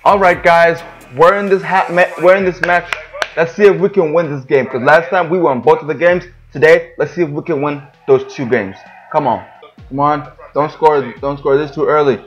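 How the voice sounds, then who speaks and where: A young man with a fairly high voice gives live commentary on a football video game. He is excitable, shouting at the match and griping often. Soft game music plays underneath. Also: normal speed. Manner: excitable, yells and groans at the game, complains often. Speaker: gaming channel host.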